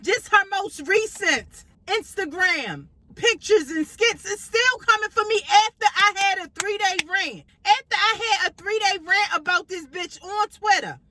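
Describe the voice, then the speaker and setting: Bright-voiced woman ranting in a car. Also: very high-pitched, lively intonation, a little slow, few pauses, a little hiss or hum, low-quality recording. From Baltimore, USA. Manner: confrontational, profane, repeats lines for emphasis. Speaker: vlogger. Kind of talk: ranting vlog monologue. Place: inside a car.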